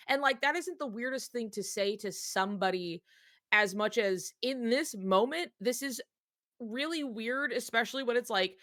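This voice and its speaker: Woman, casual podcast chat, rambling, animated, dry room. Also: a little high, normal speed, no echo. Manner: rambling, animated, many filler likes. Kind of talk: casual fan discussion.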